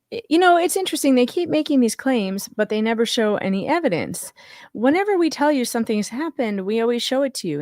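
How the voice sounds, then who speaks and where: Female co-host, higher animated voice, chatty and questioning. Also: no room sound, clean studio sound. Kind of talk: casual livestream commentary.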